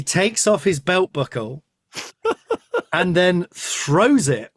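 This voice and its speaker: A man hosting a podcast, retelling a story in casual comic chat with rambling, animated asides. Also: on the high side, very slow, long pauses, slight background noise. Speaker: podcast host.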